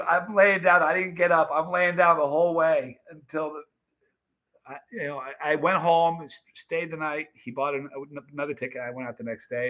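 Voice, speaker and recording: On a livestream, a middle-aged man from the US tells his chat a loose, wandering story full of restarts and acted-out quotes. His voice is slightly high, and the sound has a phone-like quality.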